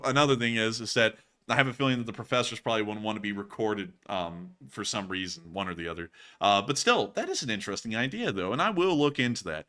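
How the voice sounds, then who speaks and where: A young man in his twenties hosting a casual live stream, joking and animated as he answers viewer questions. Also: medium pitch. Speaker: host.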